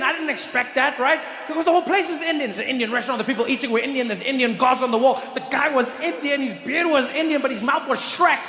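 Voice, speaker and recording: A man telling a stand-up comedy story, animated and shouting his punchlines. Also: extremely high pitch, fast talker, hardly any pauses, noisy background. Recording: echoey hall, loud audience ambience.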